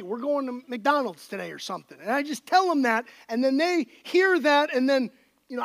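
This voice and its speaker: A man preaching a sermon in an easygoing, conversational way, his voice sitting high and swinging widely in pitch. He sounds young and talks to the congregation like friends. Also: a bit bright. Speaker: pastor.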